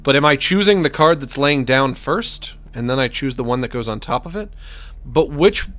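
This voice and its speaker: A man streaming a video game, thinking aloud in an animated, self-mocking way with sudden exclamations. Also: medium pitch, moderate pace. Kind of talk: let's-play commentary.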